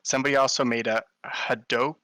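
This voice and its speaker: A man chatting as a guest in an interview, enthusiastic and quick to laugh, with some fillers. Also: mid-range voice, steady tone, pushed and bright, clear, resonant tone, no room sound, rough recording. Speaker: guest, hologram artist. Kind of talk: casual interview chat.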